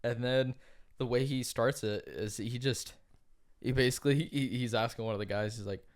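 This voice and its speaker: A man's voice: medium pitch, steady tone, moderate pace. A man co-hosting a podcast in casual chat, telling a long story full of "like" fillers and casual swearing. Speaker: podcast co-host.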